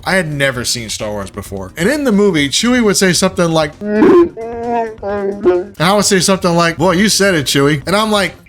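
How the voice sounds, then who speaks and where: A man narrating his own video in a casual, self-mocking storytelling voice. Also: fairly high pitch. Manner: animated and self-mocking, jumps into playful quoted voices. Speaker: video creator.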